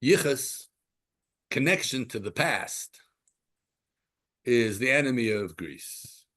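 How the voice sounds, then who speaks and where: A man in his sixties teaching a Torah class, animated and full of rhetorical questions and stories. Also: medium pitch, slow.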